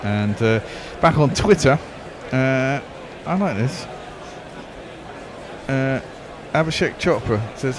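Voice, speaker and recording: A man's voice: medium pitch, animated, slow pace, a crowd in the background. Man reading listener tweets on radio. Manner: jokey, nostalgic, reads out tweets. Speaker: co-host reading listener messages. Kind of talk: casual radio banter.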